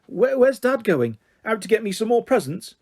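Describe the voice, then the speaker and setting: A man's voice: sits high, very animated, normal speed, darkish tone, voice pushed up, full character voice. A man voicing a young, self-centred boy in a storybook reading, eager and prone to stammering. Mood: pleading.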